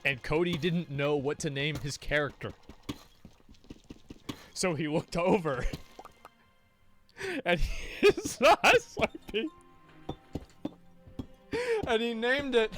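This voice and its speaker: A man telling a casual story in an animated, profane way, acting out his friends' quoted lines. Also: high-pitched, slow, long pauses, soft background music.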